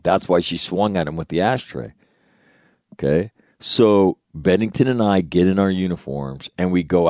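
Deep-voiced profane man storyteller. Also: a little mellow, dry recording. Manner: profane, rambling, frequent fillers and restarts. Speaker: former Marine officer. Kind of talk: casual storytelling.

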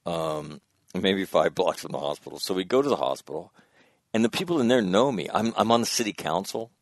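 A man's voice: low voice, expressive, a little fast, no echo, studio quality. A man in his sixties telling a long personal story in casual chat, rambling and correcting himself and laughing at his own mishaps. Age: 60s.

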